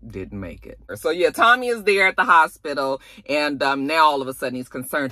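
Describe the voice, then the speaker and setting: A young adult woman recapping a TV episode in a sassy, animated, casual way, acting out the characters' lines. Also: low voice, moderate pace, few pauses. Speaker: TV show reviewer.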